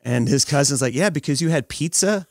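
A man in his thirties chatting on a podcast, telling jokey stories about his kids with lively put-on quotes. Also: a little high, brisk, no room sound, clean studio sound. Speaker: podcast co-host. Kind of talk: casual chat.

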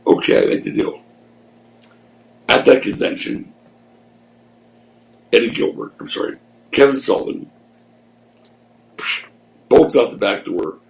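A man's voice: mid-range voice, animated, measured pace, vocal fry, pauses often, low-quality recording. A man who was a wrestling promoter, telling rambling stories as a guest in a casual interview. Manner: rambling, conversational storyteller. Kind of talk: anecdotal storytelling in a casual interview.

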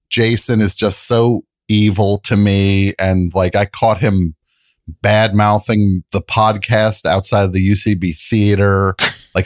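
A comedian guest in a casual podcast chat, riffing with wry, comic asides. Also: male voice, lowish voice, dry recording, clean studio sound.

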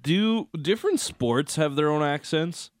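A man co-hosting a radio show, relaxed, asking follow-up questions. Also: a little high, unhurried, no room sound, clean studio sound. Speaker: radio co-host. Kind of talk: casual studio banter.

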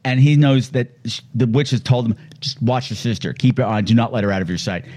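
A man's voice: mid-range voice, fairly even intonation, a little fast, darkish tone. A man co-hosting a casual film podcast who talks emotionally and often stumbles and repeats words. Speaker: podcast co-host.

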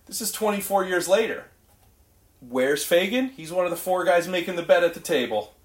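A man co-hosting a casual podcast who jumps in with eager agreement. His voice sits a little high, and the room adds a noticeable echo around him. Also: lively intonation. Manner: enthusiastic, quick agreement. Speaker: podcast co-host. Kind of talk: casual chat. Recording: roomy echo.

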